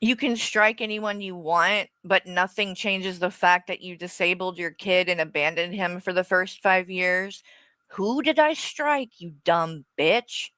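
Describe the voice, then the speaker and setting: A woman with a bright, cutting voice rants at her chat on stream, swearing and defensive. She reads comments aloud and snaps back at them. The recording is dry and close. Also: fairly low pitch, measured pace, clean tone, dry recording. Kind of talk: live stream rant.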